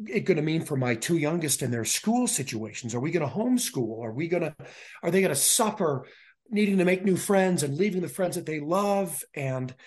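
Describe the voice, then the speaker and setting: An earnest middle-aged man talks openly as a podcast guest. His voice sits a little high for a man, and he grows animated as he retells what happened. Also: husky. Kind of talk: candid conversational storytelling.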